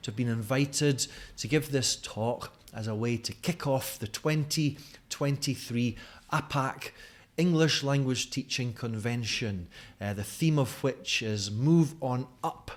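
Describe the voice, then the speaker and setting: A man's voice: mid-range voice, a little slow. A man in his forties from Scotland with a mild Scottish accent, giving a friendly, chatty conference talk to a camera at home at night, with many fillers. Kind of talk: recorded video talk to camera. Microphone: camera in front of him.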